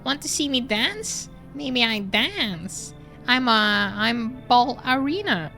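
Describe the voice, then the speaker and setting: A woman voicing a strange, inhuman visitor in a game who poses as a dancer and speaks in broken, halting English. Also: fairly high pitch, animated, bright, forceful tone, faint music behind, heavily acted. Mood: sly, coaxing. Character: odd hairless visitor creature posing as a dancer.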